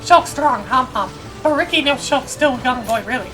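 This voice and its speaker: A woman's voice: high voice, animated, moderate pace, poor audio. A woman voicing a small boastful male creature who talks in broken, childlike grammar, with game music behind. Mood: excitable.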